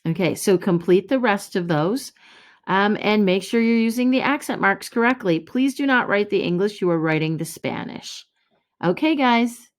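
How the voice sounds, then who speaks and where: A woman Spanish teacher calmly explaining workbook notes to her students. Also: mid-range voice, normal speed. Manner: patient, instructive, addresses students directly. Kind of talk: classroom lesson explaining notes.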